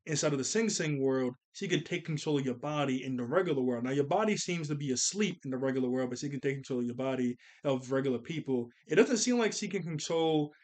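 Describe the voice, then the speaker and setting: A man's voice: mid-range voice, animated, fast talker, hardly any pauses, darkish tone. A man giving a casual, rambling anime film commentary, often laughing and losing his train of thought. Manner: rambling, laughs often, loose slangy delivery. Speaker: anime reviewer.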